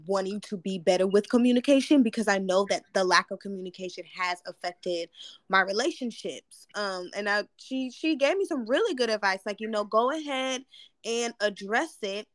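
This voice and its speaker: A woman's voice: medium pitch, expressive, normal speed, dry recording, clean studio sound. A woman talking as a podcast guest, candid and reflective, with casual swearing. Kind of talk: casual chat.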